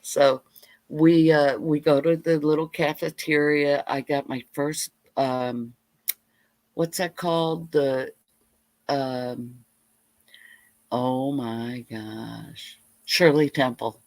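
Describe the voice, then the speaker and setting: A middle-aged woman hosting a live homestead stream, telling childhood stories in a rambling, animated way. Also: rumbling low, takes it slowly, long pauses, dry recording. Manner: rambling, animated, side-tracked. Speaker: homestead channel host. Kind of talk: casual live storytelling. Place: home livestream.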